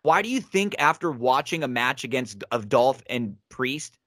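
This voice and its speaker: A man's voice: medium pitch, sing-song, normal speed, a bit bright, dry recording, clean studio sound. A man co-hosting a wrestling review podcast, giving opinionated casual commentary with frequent restarts.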